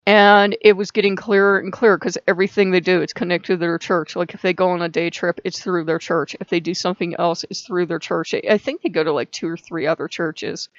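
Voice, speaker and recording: A woman's voice: fairly low pitch, steady tone, brisk, hardly any pauses, dry recording. A woman vlogger telling a long story in a chatty, rambling way, full of "like". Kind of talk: casual storytelling to camera. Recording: dull lo-fi dry sound.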